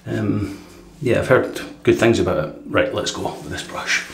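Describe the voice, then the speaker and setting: A man hosting a casual shaving video, chatting in a relaxed way and often saying "right". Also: on the low side, moderate pace, creaky. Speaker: shaving vlogger. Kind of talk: casual shave demonstration. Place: home bathroom. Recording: echoey bathroom with faint water noise.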